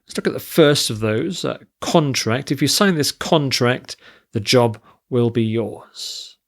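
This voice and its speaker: A man's voice: medium pitch, lively intonation. A man teaching an English vocabulary lesson, listing word forms and reading example sentences carefully. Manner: slow, deliberate, spells out word forms and stress.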